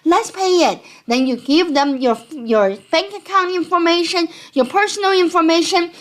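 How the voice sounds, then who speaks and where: A woman accountant with a non-native accent, giving a conversational, animated talk to explain tax scams. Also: very high-pitched, normal speed. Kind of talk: educational talk.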